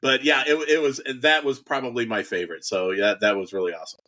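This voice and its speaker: This is a man in the middle range of pitch, hosting a casual podcast. He jokes around, laughs a lot and stumbles over repeated words. He speaks from a home garage bar. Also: animated, quick pace, bright, forceful tone. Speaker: podcast host. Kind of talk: casual chat.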